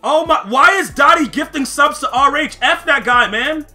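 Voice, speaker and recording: A man with a high, sharply bright voice gives live commentary over his own football gameplay. He trash-talks, answers his viewers, and bursts into shouts when a play goes wrong. Faint music plays underneath. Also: moderate pace. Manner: chats with viewers while playing. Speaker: gaming streamer.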